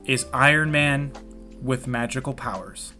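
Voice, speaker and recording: A man's voice: medium pitch, a little slow, faint music behind. A young man co-hosting a podcast, chatting casually and animatedly, rambling and swearing often. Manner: animated, swears a lot, rambling with many fillers. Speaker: podcast co-host. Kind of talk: casual chat. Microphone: remote call mic.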